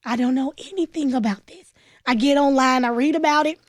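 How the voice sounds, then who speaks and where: A woman's voice: high voice, brisk, dry recording, clean studio sound. A woman, telling her own story as a guest in a radio interview and acting out the voices she quotes. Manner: animated, acts out quoted voices, plainspoken. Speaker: nonprofit founder, interview guest.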